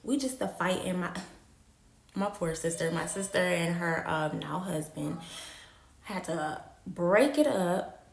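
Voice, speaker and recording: Gravelly slow-talking woman telling a story. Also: lowish voice, animated, echoey room. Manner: repeats phrases for emphasis, slangy and candid. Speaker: storytime vlogger. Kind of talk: casual storytelling.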